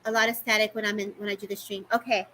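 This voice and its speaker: A woman giving a live-streamed psychic reading, talking fast and affectionately to the people she reads, calling them baby and babes. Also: mid-range voice, little pitch movement, sharp tone, a little hiss or hum, low-quality recording. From California. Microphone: live-stream microphone.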